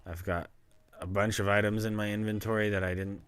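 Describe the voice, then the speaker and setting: A livestreamer casually narrates his own gameplay, rambling as he goes and chatting to the animals in the game. His fairly low voice is smooth and brisk, with little pitch movement and no echo.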